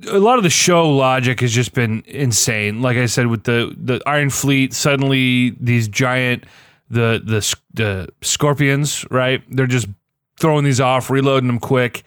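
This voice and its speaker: A man's voice: medium pitch, a little slow, fairly bright tone, clear, resonant tone, dry recording, studio quality. A man in a casual chat, ranting with heavy swearing and exasperation.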